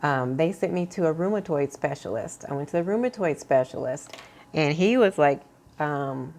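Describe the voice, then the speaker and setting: A woman talking earnestly to her viewers in an unscripted personal vlog, halting, with many fillers and restarts. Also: low-pitched, expressive, a little mellow. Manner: earnest, confiding tone. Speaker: vlogger sharing a health update.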